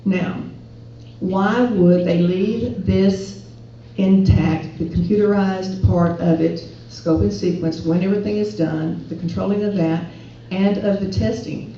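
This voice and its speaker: A woman's voice: mid-range voice, fairly even intonation, measured pace, warm tone, slight background noise. A woman giving an earnest, persuasive speech to an audience at a rally, often putting questions to the listeners. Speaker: speaker at a political rally. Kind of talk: public speech. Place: event hall. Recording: echoey hall, distant and dull.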